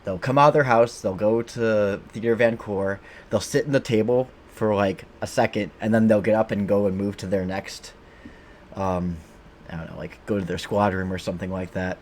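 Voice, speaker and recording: A man's voice: lowish voice, steady tone, moderate pace, darkish tone, slight background noise. A man streaming a video game, giving casual, rambling commentary full of fillers and restarts.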